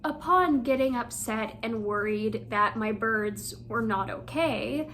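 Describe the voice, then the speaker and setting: A young woman talking to her viewers in a personal vlog, emotional and close to tears, speaking quickly. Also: a little high, a bit bright, a little hiss or hum. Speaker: vlogger.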